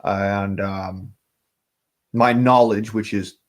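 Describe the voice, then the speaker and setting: A man's voice: on the low side, fairly even intonation, drawn-out words. A man talking casually on a livestream, rambling from thought to thought and swearing often.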